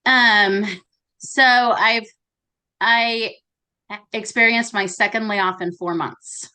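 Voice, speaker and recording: Bright-voiced woman telling lively stories. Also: fairly high pitch, takes it slowly, clean tone. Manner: animated storyteller. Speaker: notary meetup participant. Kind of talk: casual group discussion.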